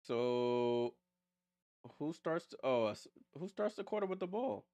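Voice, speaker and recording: A man's voice: medium pitch, animated, unhurried, dark tone, clean tone, no room sound. A man streaming a casual live watchalong, calling plays and answering viewer comments with blunt, teasing remarks. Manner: reads viewer comments aloud and answers them.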